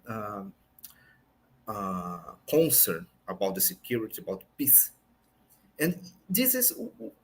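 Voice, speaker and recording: A man commenting on politics in an online discussion show, earnest and pausing often to search for words in English. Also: mid-range voice, a bit bright, slightly rough.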